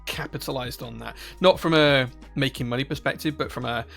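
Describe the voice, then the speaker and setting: A man's voice: mid-range voice, brisk, creaky, fairly bright tone, soft background music. A man from Northern Ireland with a Northern Irish accent, hosting a live stream and chatting casually with viewers, rambling with frequent restarts and fillers. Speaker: livestream host. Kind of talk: casual live-stream chat, reading chat questions.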